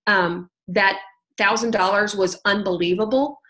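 A woman's voice: medium pitch, steady tone, unhurried, a bit bright, poor audio. A woman tells her personal story on a team call. She talks in a chatty, storytelling way, full of "like" and "oh my gosh". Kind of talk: personal testimony on a conference call.

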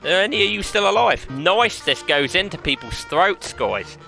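A mischievous man talks over a VR game, laughing often as he goes. His voice is bright and animated and swings widely in pitch. Faint music plays underneath. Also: normal speed, creaky. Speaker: game streamer. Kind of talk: playful VR gameplay commentary.

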